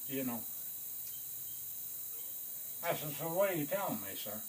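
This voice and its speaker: A man, a Vietnam veteran, telling a war story in an animated way, swearing and acting out the voices of others. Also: on the high side, a little slow, long pauses, a little hiss or hum, rough recording. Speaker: Vietnam veteran recounting service.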